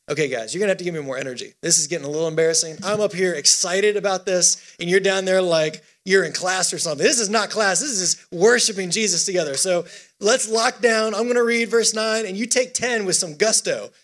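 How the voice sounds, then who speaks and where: High-voiced energetic man preaching. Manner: energetic, exhorting, leads call-and-response scripture reading. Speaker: youth pastor. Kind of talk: sermon.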